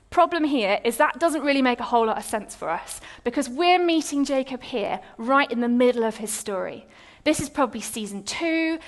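A woman preaching a sermon, retelling a scripture story with lively, dramatic pacing and pauses. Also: a little high.

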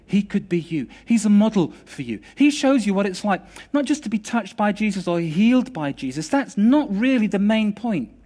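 High-voiced man preaching in story form. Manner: animated, conversational storytelling with restarts. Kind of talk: storytelling sermon.

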